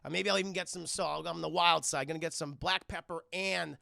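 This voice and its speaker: A weary, grumpy mother who is done with cooking, played by a man. She grumbles in a raspy, fairly high voice with a bright edge. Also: steady tone, a little fast, no room sound, clean studio sound, heavily acted. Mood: fed-up. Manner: weary, fed-up. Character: tired, grumpy single mother.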